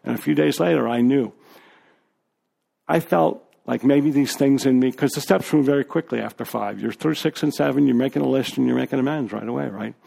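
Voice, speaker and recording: A man's voice: mid-range voice, fairly quick, gravelly, dark tone. A man as a guest speaker, telling his personal recovery story to a group in a candid, conversational way with fillers and asides.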